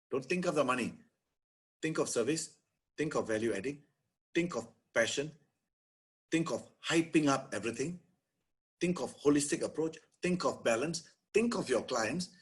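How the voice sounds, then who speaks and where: A middle-aged man with a Singaporean accent, a lawyer giving an energetic, animated motivational webinar talk to property agents, dropping Singlish particles. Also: medium pitch, husky.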